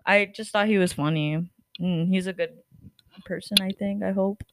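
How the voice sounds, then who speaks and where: A woman's voice: medium pitch, fairly even intonation, background noise. A young woman co-hosting a podcast, chatting playfully and laughing often. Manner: playful, quick to mimic voices and laugh. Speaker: podcast co-host. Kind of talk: casual chat.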